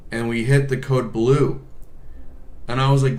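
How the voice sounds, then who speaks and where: A man's voice: medium pitch, little pitch movement, a little slow, a little mellow. A man, a nurse, telling a work story in a profane, rambling, casual vlog style.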